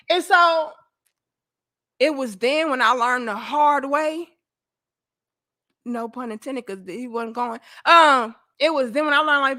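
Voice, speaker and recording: A woman's voice: high voice, slow, long pauses. A young woman hosting a talk show, telling a candid, profane story to her viewers. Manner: animated, profane, talks to herself. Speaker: podcast host.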